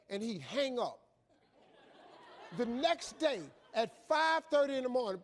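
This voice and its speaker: Male motivational storyteller, high-pitched and animated. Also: measured pace. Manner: animated, colloquial, acts out dialogue. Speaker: motivational speaker. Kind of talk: storytelling speech.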